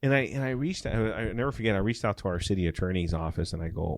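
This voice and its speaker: Middle-aged male ex-cop, very low voice, dry close sound, gritty profane storyteller, acts out the quotes. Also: very fast, hardly any pauses, no echo. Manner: animated, profane storyteller acting out dialogue. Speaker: former police officer. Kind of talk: casual storytelling interview.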